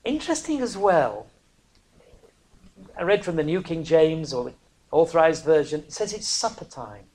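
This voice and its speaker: A preacher, giving a sermon that swings from hushed near-whispers to loud, emphatic cries, broken by chatty, self-mocking asides. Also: mid-range voice, very animated, moderate pace, long pauses. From northern England.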